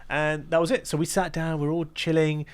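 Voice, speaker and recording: A man's voice: on the high side, brisk, clear, resonant tone. A man in his thirties from London, a magician, telling stories in a casual interview and acting out the quoted lines of other people. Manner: animated, acts out quoted dialogue, laughs often. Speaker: magician guest.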